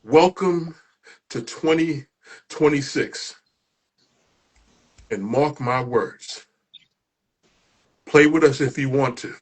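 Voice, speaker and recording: Guy hosting a poetry room, high voice, slow and dramatic, slams lines out loud. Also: slightly rough. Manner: dramatic spoken word, rising to shouts. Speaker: host of a poetry show. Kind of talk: performance poetry recital.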